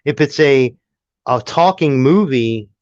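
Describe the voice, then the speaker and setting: A man's voice: medium pitch, slow pace, dry recording. A man from New Orleans with a New Orleans accent, co-hosting a movie review in casual, rambling chat. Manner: relaxed, rambling, fillers and restarts. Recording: dull lo-fi dry recording.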